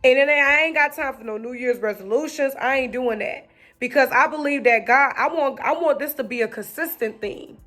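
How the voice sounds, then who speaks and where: A woman's voice: high voice, moderate pace, fairly bright tone, soft background music. A woman preaching an encouraging sermon, rhythmic and repetitive, with casual slang. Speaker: online preacher.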